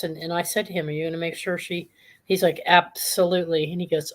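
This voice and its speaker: A woman hosting a live talk show, telling a calm, reflective story from her own past. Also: lowish voice, brisk. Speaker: host.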